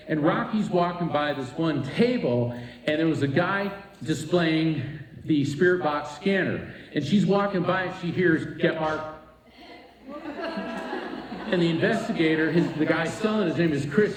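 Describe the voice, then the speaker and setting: Man telling a story to a crowd, kinda high voice, echoey room, mic a bit far off. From East Coast Florida. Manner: animated, acts out voices in his story. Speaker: speaker at a retreat. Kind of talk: storytelling talk to a live audience.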